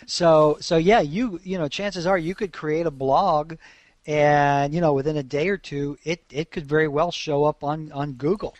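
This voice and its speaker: A man from Alabama, co-hosting a casual podcast, chatty and quick to laugh. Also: a little high, steady tone, dry recording. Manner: chatty, laughs often, frequent restarts. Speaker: podcast co-host.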